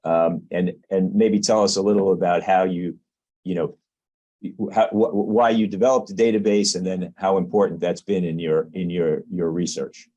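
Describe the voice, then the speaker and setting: A man, a neurosurgeon interviewing a colleague, asking questions in a halting way with many fillers and restarts. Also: deep voice, fairly even intonation, dark tone, lo-fi sound.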